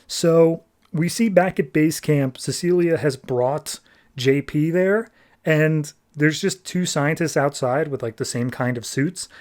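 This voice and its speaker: Chatty young man with a slightly high voice. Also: unhurried, darkish tone. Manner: loose and chatty, acts out characters' lines with many "like"s. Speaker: podcast host. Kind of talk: casual comic book recap.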